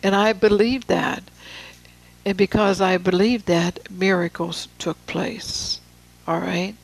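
A preacher giving a sermon, reading scripture with slow, deliberate emphasis and casual asides to the room. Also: mid-range voice, steady tone, creaky, rough recording.

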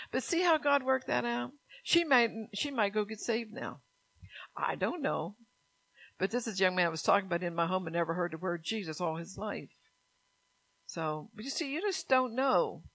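An older woman preaches from a home church, drifting from Scripture into chatty, rambling stories with quick laughs. Her voice sits close and dry, with no room around it. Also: mid-range voice, lively intonation, gravelly, a bit bright, dry recording. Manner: rambling, conversational storytelling with laughs. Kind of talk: folksy sermon.

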